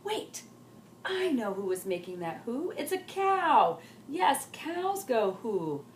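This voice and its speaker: A woman voicing a loud, proud little girl, shouting and dramatic in a storybook reading. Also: a little high, big pitch swings, slow pace, a little hiss or hum. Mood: wondering. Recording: roomy echo.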